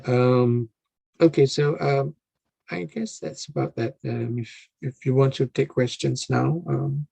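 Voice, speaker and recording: A man's voice: medium pitch, steady tone, a little slow, creaky, warm tone, slightly rough, no room sound. A man giving an online talk to a club, speaking hesitantly with many fillers and restarts over a video call. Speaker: guest speaker.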